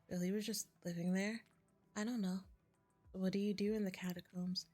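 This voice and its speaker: A woman's voice: medium pitch, flat delivery, moderate pace, darkish tone, faint music behind. A woman streaming a game, reading the dialogue aloud between chatty asides. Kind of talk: casual gameplay commentary.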